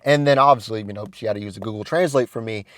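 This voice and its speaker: A young man vlogging casually, telling a story in a rambling, slang-heavy way that swings between hushed and excited. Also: fairly low pitch, racing, no echo, studio quality. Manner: slangy, rambling, peppered with "you feel me" and "whatnot".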